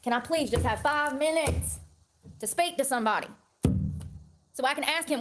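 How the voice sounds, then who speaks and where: A woman's voice: high voice, moderate pace, soft background music. A woman in her thirties ranting to camera in a heated, profane, repetitive way. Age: 30s. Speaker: online personality.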